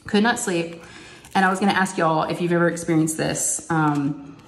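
Middle-aged woman, chatty home vlogger, slightly low voice, echoey craft room. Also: moderate pace. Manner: chatty storyteller who acts out quotes in a higher voice. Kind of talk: casual chat while diamond painting. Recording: echoey room, faint noise.

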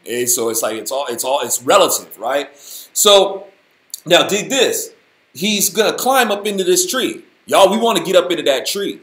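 A man hosting a casual Bible study, talking in an animated, folksy, slangy way. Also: fairly high pitch, moderate pace, reverberant. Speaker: host, Bible teacher.

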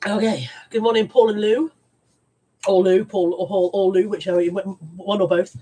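A woman's voice: mid-range voice, fairly even intonation, normal speed, warm tone, slightly rough, poor audio. A woman with a stuffy head cold, chatting in a rambling, self-mocking way on a live stream from home. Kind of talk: casual live-stream chat.

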